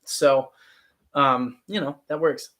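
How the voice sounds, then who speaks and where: A man's voice: medium pitch, slow pace, a bit bright. A man in his twenties, an actor and channel host, chatting casually on a live stream and answering viewer comments. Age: 20s.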